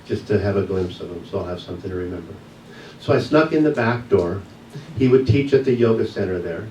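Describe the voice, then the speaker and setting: A man who teaches yoga, giving a church message as a personal story, told with pauses and soft laughs. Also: lowish voice, lively intonation, slight background noise. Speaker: guest speaker, yoga teacher. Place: church sanctuary. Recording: echoey hall, mic from a distance.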